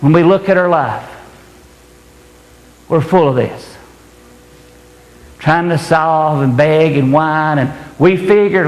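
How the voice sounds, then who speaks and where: Male preacher, emphatic and folksy, high-pitched, long hall reverb. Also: slow, long pauses. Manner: emphatic, colloquial, repetitive preaching. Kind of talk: sermon. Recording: echoey hall, roomy reverb.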